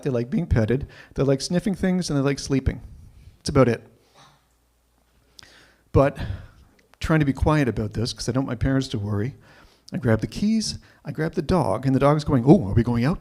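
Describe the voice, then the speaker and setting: A man telling a personal story live, animated and often repeating himself as he builds up. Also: fairly high pitch. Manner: animated, repeats words when excited.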